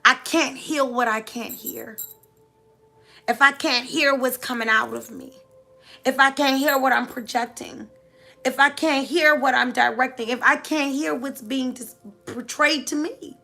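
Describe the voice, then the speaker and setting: A middle-aged woman speaks slowly in a high, bright voice with a gravelly edge, giving a heartfelt motivational talk to live viewers. She repeats her points with emphatic, preacher-like rhythm. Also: faint music behind.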